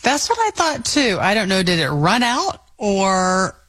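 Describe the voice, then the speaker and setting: A woman's voice: mid-range voice, very animated, unhurried, a bit bright. A woman co-hosting a radio show, chiming in with easygoing, agreeable banter. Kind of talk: casual on-air banter.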